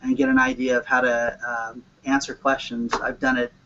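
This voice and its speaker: A man's voice: medium pitch, flat delivery, normal speed, bright, forceful tone, slight background noise. A man in a group discussion, enthusiastically recommending things to another member. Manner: enthusiastic, gives friendly tips. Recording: dull lo-fi sound.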